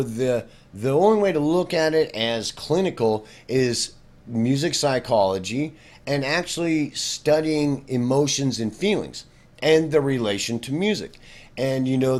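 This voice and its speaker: A man's voice: medium pitch, lively intonation, measured pace, a little mellow. Rambling laid-back male guitar teacher. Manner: rambling, loose and conversational, says "bro" and "you know" a lot. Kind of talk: casual spoken lesson.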